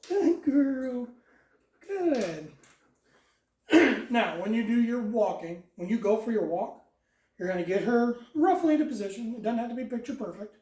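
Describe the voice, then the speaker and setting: A dog trainer giving calm instructions while walking a dog, mixing explanations with short praise and commands. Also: mid-range voice. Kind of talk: hands-on dog training lesson. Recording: roomy sound, mic far off.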